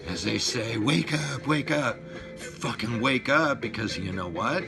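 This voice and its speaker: Gravelly 60s guy ranting and cussing, flips from yelling to low mutters, music going underneath. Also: lively intonation, unhurried. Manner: fired-up, profane, swings between shouting and low mutters. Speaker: vlogger. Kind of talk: profane rant to camera. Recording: music playing behind the voice.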